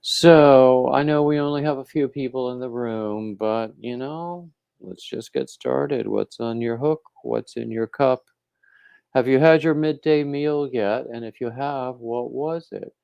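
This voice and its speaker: Slow-talking man chatting on a livestream. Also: medium pitch, vocal fry, smooth, dry recording, muffled recording. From coastal North Carolina. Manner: rambling, halting, full of fillers and restarts; greets viewers by name. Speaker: crochet livestream host. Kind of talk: casual livestream chat.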